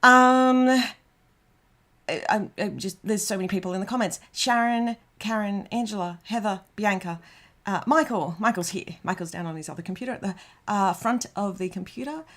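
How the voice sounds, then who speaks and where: A woman's voice: mid-range voice, moderate pace, fairly bright tone. An Australian woman hosting a casual livestream, chatting and rambling with lots of ums and restarts. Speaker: livestream host. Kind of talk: casual livestream chat reading out comments.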